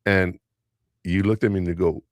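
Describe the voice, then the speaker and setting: A middle-aged man hosting a podcast, telling family stories in a rambling, animated way. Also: low-pitched, moderate pace, no echo, clean studio sound. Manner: rambling, animated storyteller who mimics voices. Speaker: podcast host. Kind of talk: casual storytelling chat.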